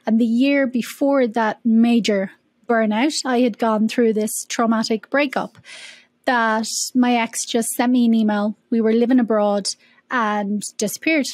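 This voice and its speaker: A woman's voice: a little high, fairly even intonation, measured pace, darkish tone, dry recording. A woman guest on a podcast, chatting casually and animatedly, laughing and acting out her own past questions. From Ireland. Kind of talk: casual conversational interview.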